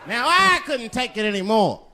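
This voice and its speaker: A male stand-up comedian telling stories, swearing freely and dropping into low murmured asides. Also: sing-song, moderate pace, bright, forceful tone, big-room sound. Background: crowd laughter.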